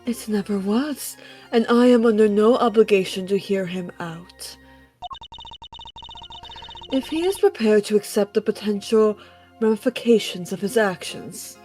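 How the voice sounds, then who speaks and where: A woman reading a stern, formal judge-prosecutor's lines aloud while streaming a game, measured and dramatic. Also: medium pitch, warm tone, faint music behind, natural voice. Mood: imperious.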